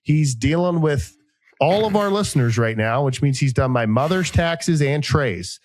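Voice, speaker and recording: A man's voice: on the high side, normal speed, no room sound. Rambling, joking male podcast host. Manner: joking, rambling, deadpan asides. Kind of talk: casual podcast banter with ad reads.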